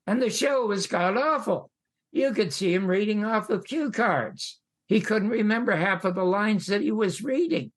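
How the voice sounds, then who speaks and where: An older man, a podcast guest, tells a long show-business story in an animated way, jumping into other people's voices as he quotes them. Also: high-pitched, normal speed. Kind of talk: anecdotal storytelling.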